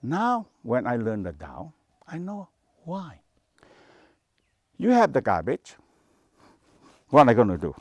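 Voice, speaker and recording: A man leads a Taoist practice session, his English clipped into short, repeated phrases with non-native grammar. His pitch swings widely as he explains, and the sound is dry and close with no room around it. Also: huge pitch swings, slow pace, long pauses, dry recording. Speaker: Taoist meditation teacher. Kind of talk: spoken teaching to a workshop.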